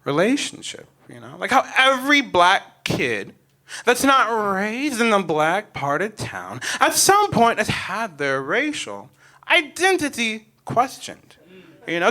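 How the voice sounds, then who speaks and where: A young man from Omaha doing a stand-up comedy set, animated and swinging between quiet asides and loud punchlines. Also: sits high, measured pace. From North Omaha, Nebraska, USA.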